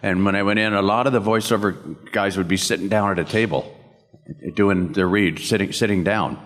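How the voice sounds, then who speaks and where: In a reverberant convention hall, an older man from Canada, there as a guest voice actor, spins meandering panel stories, laughing as he goes. He speaks briskly in a steady tone, his voice on the low side and a bit bright.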